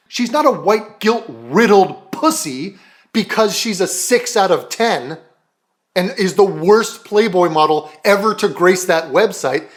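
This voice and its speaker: Man ranting in an angry reaction commentary, profane and insulting, a voice that swings widely up and down in pitch. His delivery is animated and pointed throughout. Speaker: commentary video host.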